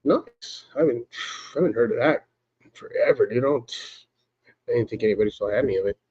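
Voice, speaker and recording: A man's voice: mid-range voice, quick pace, husky, dull audio. A man hosting a casual live stream, chatting in a laid-back way, greeting viewers by name and laughing often.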